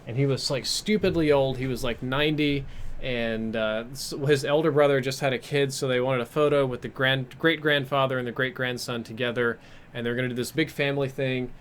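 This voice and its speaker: A man's voice: medium pitch, steady tone, a little fast, slight background noise. Rambling man telling a crude story. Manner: rambling, crude, self-mocking. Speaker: game streamer. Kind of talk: casual storytelling while gaming. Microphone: headset.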